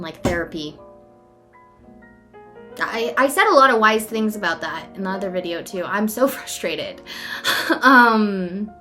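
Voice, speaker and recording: A woman's voice: medium pitch, sharp tone. A young woman in a rambling, self-deprecating casual vlog, filling her talk with "like". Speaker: vlogger. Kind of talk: casual talking-head vlog.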